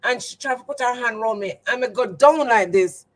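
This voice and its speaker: A woman's voice: on the high side, a little fast, low-quality recording. A woman with a Jamaican accent, telling a personal story to her livestream viewers in an emphatic, repetitive, testimony-like way. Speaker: livestream host.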